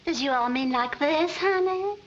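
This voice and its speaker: A woman's voice: sits high, normal speed, close to an everyday voice. Woman playing a coy fake southern belle. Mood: gushing. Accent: put-on Southern US. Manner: coy, breathy, gushing and coaxing. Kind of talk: 1940s film comedy acting. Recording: dull, faintly hissy 1940s film soundtrack.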